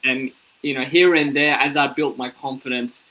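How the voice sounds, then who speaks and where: Animated male comedian telling stories. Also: medium pitch, normal speed, low-quality recording. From Ethiopian, born in Sudan, raised in Australia. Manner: animated, acts out voices in his anecdotes. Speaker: comedian guest. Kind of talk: casual storytelling interview.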